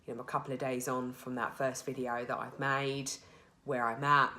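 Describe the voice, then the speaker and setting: Very low-voiced British woman, candid diary. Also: flat delivery, normal speed, pushed and bright. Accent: British English. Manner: chatty and candid, rambling with many fillers and restarts. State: a little emotional. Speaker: vlogger sharing her recovery. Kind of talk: candid personal video diary.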